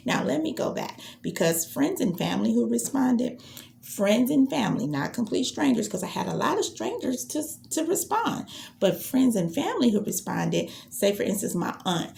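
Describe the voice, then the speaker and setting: A woman leads a business launch training, her voice low and heavily gravelly. She talks with lively swings in pitch and acts out sample greetings along the way. A faint hiss sits under the recording. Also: moderate pace.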